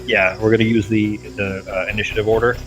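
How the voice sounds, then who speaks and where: Low-voiced man running a tabletop game. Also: brisk, soft background music. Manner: relaxed, explains rules. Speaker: game master.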